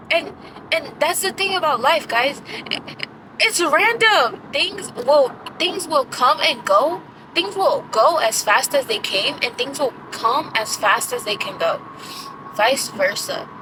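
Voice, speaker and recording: Young woman, twenties, high voice, emotional, rambling, casual swearing, noisy car recording. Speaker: vlogger. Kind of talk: candid talking-to-camera vlog.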